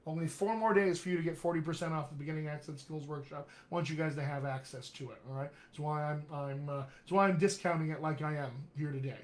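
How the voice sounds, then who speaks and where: Male dialect coach on a live stream, fairly high voice, friendly and chatty. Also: fairly even intonation, fast talker, hardly any pauses. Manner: chatty, upbeat, calls viewers "my friends". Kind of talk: live-streamed teaching session.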